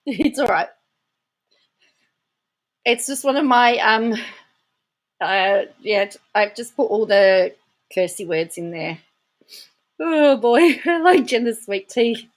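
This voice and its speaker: A woman's voice: on the high side, lively intonation, takes it slowly, long pauses. A woman hosting casual reaction commentary, laughing often as she talks. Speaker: commentary host.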